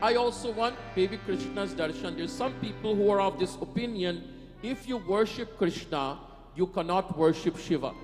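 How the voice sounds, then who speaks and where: Guy giving a devotional sermon, higher voice, bit of music behind, echoey hall. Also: moderate pace. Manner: emphatic, sings devotional lines between speech. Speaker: katha preacher. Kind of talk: devotional sermon with sung bhajans. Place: temple hall.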